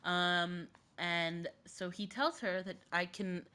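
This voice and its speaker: A woman's voice: fairly low pitch, steady tone, slow, sharp tone, smooth. A woman hosting a podcast, with a cough, casually retelling a myth in a rambling, filler-heavy way. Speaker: podcast host.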